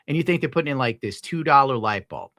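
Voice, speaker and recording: A man's voice: mid-range voice, expressive, fast talker, bright, forceful tone, no room sound, clean studio sound. A young man streaming live, reading out viewer tips and ranting casually with lots of swearing. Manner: profane, ranting, gets worked up. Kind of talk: casual livestream chat.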